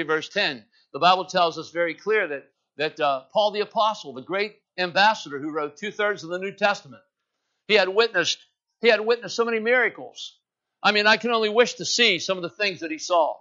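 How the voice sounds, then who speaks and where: High bright guy preaching, big dramatic swings loud to quiet, kinda dull lo-fi sound. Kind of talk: sermon.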